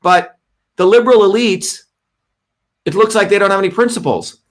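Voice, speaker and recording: A man's voice: high-pitched, moderate pace. A middle-aged man hosting a live online show, talking in an emphatic, combative way, repeating his points and swearing. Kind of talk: live-stream monologue.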